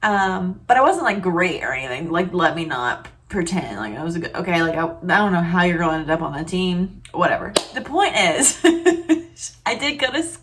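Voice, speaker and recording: A woman's voice: lowish voice, very animated, normal speed, a bit bright, a little hiss or hum. A woman in her twenties vlogging casually from her home kitchen, chatty and emotional, full of fillers. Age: 20s. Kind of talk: casual vlog chat. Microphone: camera on tripod.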